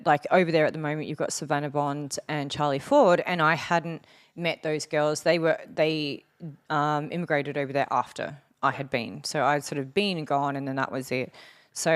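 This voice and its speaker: An Australian woman from Australia, a podcast guest telling stories in frank, casual chat, swearing freely and talking in quick run-on sentences. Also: low voice, no room sound.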